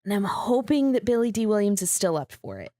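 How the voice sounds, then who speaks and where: Woman, casual podcast co-host, quick interjections, dry close sound. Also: medium pitch, lively intonation, dark tone, no echo. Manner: short agreeing interjections, casual, uses 'like'. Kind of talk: casual chat.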